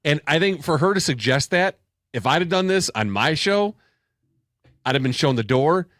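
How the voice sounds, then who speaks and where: A man's voice: fairly high pitch, animated, moderate pace, fairly bright tone, no echo, studio quality. A man co-hosting a sports podcast in casual, joking chat. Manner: joking, puts on creepy voices. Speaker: podcast co-host.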